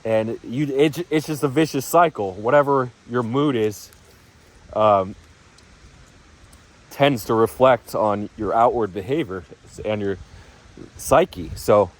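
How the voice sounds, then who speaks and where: A man's voice: mid-range voice, slow pace, long pauses. Rambling man with a casual vlog voice. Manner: rambling, offhand, swears casually. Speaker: crypto vlogger.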